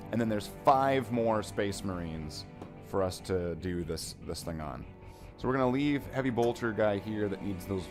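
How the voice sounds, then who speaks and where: A man chatting casually while painting miniatures on a hobby stream, rambling and joking as he thinks aloud. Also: lowish voice.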